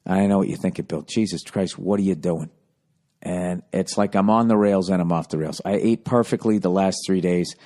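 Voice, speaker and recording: A man hosting a comedy podcast, telling a profane, self-mocking story that swings from low mumbling to loud outbursts. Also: fairly even intonation, normal speed. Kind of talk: casual storytelling monologue.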